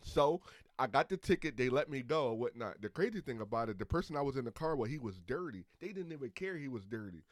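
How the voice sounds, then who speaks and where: A man casually telling a story among friends, animated and acting out the other people's lines. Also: medium pitch, fast talker, no echo.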